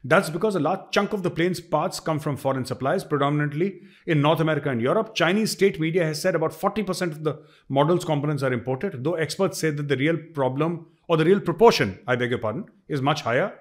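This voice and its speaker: A man's voice: a little high, fast talker, few pauses. A middle-aged man with an Indian accent, giving emphatic opinion commentary and repeating phrases for stress.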